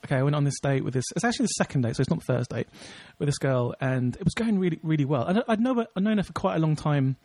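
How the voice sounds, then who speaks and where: A man's voice: fairly high pitch, lively intonation, rapid-fire, hardly any pauses, a little mellow, no echo. A young man co-hosting a podcast, chatting casually and telling rambling anecdotes with frequent laughs. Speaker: podcast co-host. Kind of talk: casual chat, storytelling.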